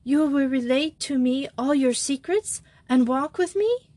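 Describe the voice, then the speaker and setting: A woman's voice: sits high, lively intonation, unhurried, mellow, no room sound, voice pushed up. A woman voicing a sobbing little schoolgirl. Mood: pleading. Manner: sobbing, pleading. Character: lonely tearful young French schoolgirl.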